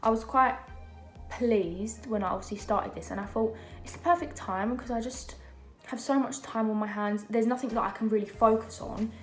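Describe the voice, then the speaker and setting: A woman's voice: fairly high pitch, normal speed, roomy sound, soft background music. A young woman, chatting casually and rambling with lots of fillers while doing her makeup at home. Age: young adult. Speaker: beauty vlogger. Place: home during lockdown.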